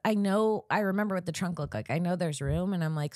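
A woman's voice: fairly low pitch, quick pace, hardly any pauses, a little mellow, dry recording, studio quality. A woman comedian co-hosting a podcast, telling a story in a casual way, acting out quotes, swearing and laughing often.

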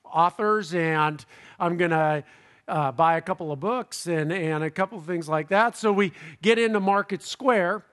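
A middle-aged man from Southern California, a pastor who preaches by telling a lively personal story and chuckles at his own jokes. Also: high-pitched, moderate pace.

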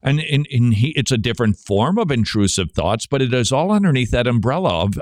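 A man's voice: mid-range voice, sing-song, moderate pace, dry recording, clean studio sound. A man hosting a christian radio talk show, preaching emphatically and asking rhetorical questions he answers himself. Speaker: radio host.

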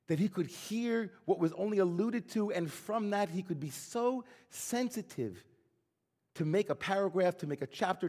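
A man's voice: fairly high pitch, long reverb tail. A man who is a rabbi, delivering an earnest, reflective sermon full of searching questions.

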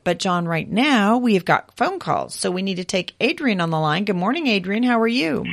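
A woman's voice: medium pitch, sing-song, moderate pace, creaky. A woman hosting a call-in garden radio show, chatty with some fillers. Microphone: studio microphone.

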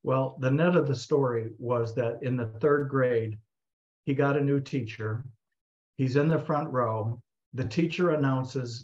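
A man with a mid-pitched voice tells a story in a talk, narrating with animation and acting out the people he quotes. The recording is slightly muffled. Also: a little slow, darkish tone. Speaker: speaker.

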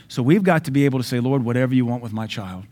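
A man's voice: medium pitch, racing. Emphatic male pastor preaching. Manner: emphatic preaching with sudden loud and soft swings. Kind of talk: sermon.

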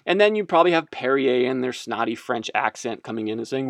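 A man's voice: mid-range voice, lively intonation, fairly quick, vocal fry, few pauses, no echo. A man giving a casual, jokey teaching talk about faith that rambles along. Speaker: speaker on faith.

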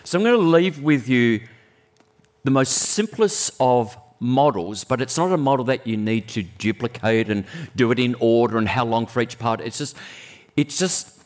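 A man preaching a sermon in an unhurried, conversational way, his phrases often trailing off softly. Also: medium pitch.

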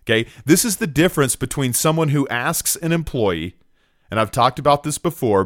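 A man's voice: mid-range voice, fairly bright tone, no echo. A middle-aged man speaks in a mid-range voice, recorded close with a dry, dead sound. He hosts a business podcast in an earnest, emphatic way, leaning on "right?" and "look" to drive his points home. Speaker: podcast host, business owner. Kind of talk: motivational podcast talk.

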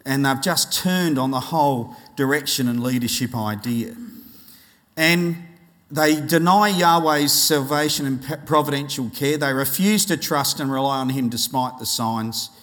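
A man preaching a sermon, telling a personal story and acting out voices with animated delivery. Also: mid-range voice, a little slow, big-room sound. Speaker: pastor.

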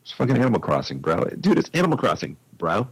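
A man's voice: fairly low pitch, wildly swooping pitch, fast, slightly rough, rough recording. A man co-hosting a casual podcast over a remote call, laid-back and swearing freely. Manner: laid-back, swears and says bro a lot. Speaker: podcast co-host. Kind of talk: casual chat. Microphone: headphones on a remote call.

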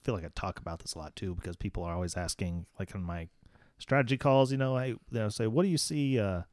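Podcast cohost guy, lowish voice, talks fast, dry close sound. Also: fairly even intonation, darkish tone, no echo. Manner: quick, easygoing, short agreeing replies. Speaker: podcast co-host. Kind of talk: casual chat.

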